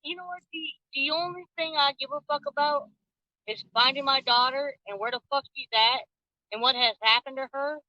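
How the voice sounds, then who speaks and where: Defensive, swearing high-voiced woman. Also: steady tone, normal speed, bright, forceful tone, no room sound. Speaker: mother of a missing girl. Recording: dull lo-fi call audio.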